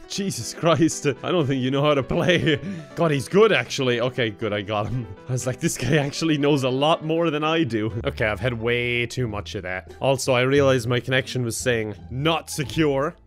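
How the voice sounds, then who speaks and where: A young Irish man talks through a video game in a lively, joking way, swearing and laughing along as he goes. His voice sits at an ordinary middle pitch for a man. Faint music plays under his talk. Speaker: gaming YouTuber. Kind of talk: let's play commentary.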